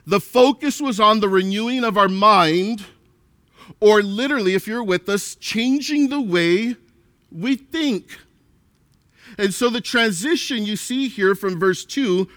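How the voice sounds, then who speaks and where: High-voiced, bright preacher, slow and emphatic. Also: male voice, dry recording, clean studio sound. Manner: deliberate, repeats key words for emphasis; acts out quotes of an arrogant churchgoer. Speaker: pastor. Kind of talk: sermon.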